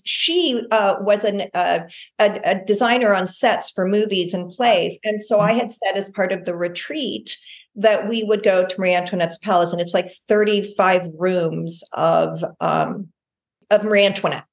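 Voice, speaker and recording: A woman, a guest healer on a podcast interview, telling a long story in a lively way and acting out what people said. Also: medium pitch, normal speed. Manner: lively storyteller, acts out quoted speech.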